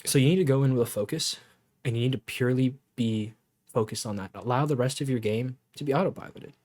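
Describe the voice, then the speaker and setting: A man's voice: mid-range voice, fast talker, darkish tone. A man coaching in a casual talk over gameplay footage, laid-back, chuckling often and swearing now and then. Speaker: game coach.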